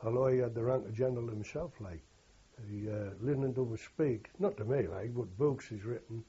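A man's voice: mid-range voice, fairly quick, dark tone, husky. An older man, a war veteran telling rambling oral history anecdotes and quoting others with "he says". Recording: dull lo-fi recording.

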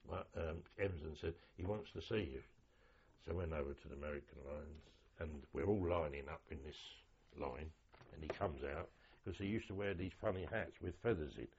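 An older man from London, a veteran telling war stories in an oral history interview, lively and acting out the voices in his anecdotes. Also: a bass voice, normal speed, gravelly, highs cut off, slight background noise.

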